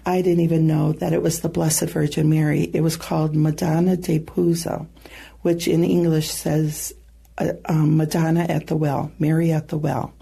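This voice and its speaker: A woman guest earnestly recounting a personal testimony, with halting pauses and soft asides. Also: deep voice, little pitch movement, creaky, breathy edge. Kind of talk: personal storytelling.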